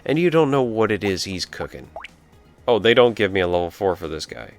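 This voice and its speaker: A let's play commentator with a somewhat low, sing-song voice talks a little fast while faint music plays behind him. He tells a rambling story during gameplay, interrupting it to react to the game.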